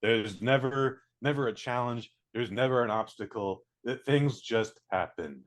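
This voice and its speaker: A man's voice: mid-range voice, unhurried. Blunt, profane male movie reviewer. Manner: blunt, profane, animated, mimics characters. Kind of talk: casual spoken movie review.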